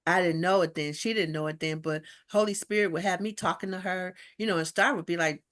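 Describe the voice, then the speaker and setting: A woman's voice: lowish voice, a little fast. A woman, a guest minister, chatting casually with slangy, spiritual talk and acting out the voices of people in her stories. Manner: animated storyteller, acts out quoted voices. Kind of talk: casual chat.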